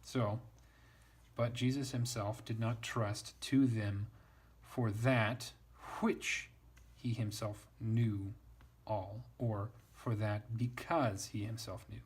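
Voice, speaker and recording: Man, low husky voice, relaxed Latin tutor who muses aloud and pokes fun at himself. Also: slow. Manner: wry, self-deprecating, works through ideas aloud. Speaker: Latin teacher. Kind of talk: casual spoken lesson, thinking aloud.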